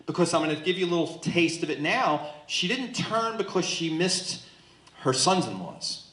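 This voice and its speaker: A man's voice: high-pitched, lively intonation, moderate pace, fairly bright tone. A man leading a Bible study in a church, teaching emphatically and often checking in with listeners. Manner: emphatic, asks listeners questions. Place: church room. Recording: roomy echo.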